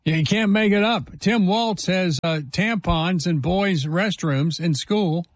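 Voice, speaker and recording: A man's voice: sits high, unhurried, no echo. Indignant talk radio host, a man. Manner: emphatic, indignant, asks rhetorical questions.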